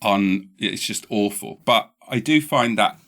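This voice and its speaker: With a fairly low pitch and a measured pace, an English man hosts a podcast. He rambles casually, keeps restarting sentences, and livens up whenever he quotes.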